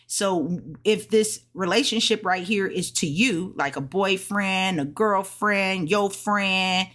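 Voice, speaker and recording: A woman casually explaining her study notes, sounding out words slowly and correcting herself. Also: mid-range voice, a bit bright. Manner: thinks aloud, self-correcting, sounds out tones slowly. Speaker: language learner sharing study notes. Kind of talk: casual study vlog lesson.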